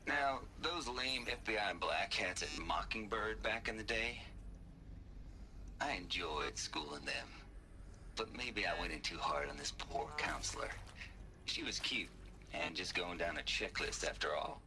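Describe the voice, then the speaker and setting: In a game audio log, a brash, cocky ex-hacker. His voice sits low and drawls. A clear hiss runs under the recording. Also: lively intonation, unhurried, bright, forceful tone, heavily acted. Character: cocky folksy man, former hacker.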